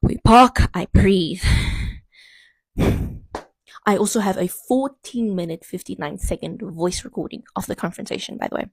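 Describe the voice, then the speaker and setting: A woman's voice: mid-range voice, normal speed, gravelly, pauses often, breathy edge, dry recording. A young woman tells a personal story to camera, in a dry, sardonic way. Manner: dry, sardonic, repeats a catchphrase between beats. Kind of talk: storytime vlog.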